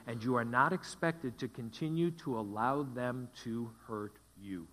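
A male pastor preaches with slow, deliberate emphasis, repeating short phrases and letting them hang. His voice sits in an ordinary male pitch and carries a long reverb from the church sanctuary. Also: sharp tone. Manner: emphatic, repetitive, dramatic pauses. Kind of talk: sermon.

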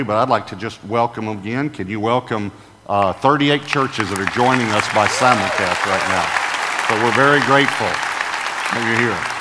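A man's voice: mid-range voice, sharp tone, a little hiss or hum. Male pastor with a mid-range voice, preaching an emphatic sermon in a large church auditorium with a long reverb tail. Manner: emphatic, repeats key phrases.

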